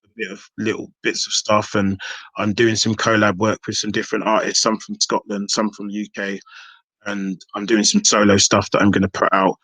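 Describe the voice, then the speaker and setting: A man's voice: lowish voice, level tone, moderate pace, a bit bright, dry recording. A man, a hip hop artist talking casually in a podcast interview, rambling with many restarts and fillers.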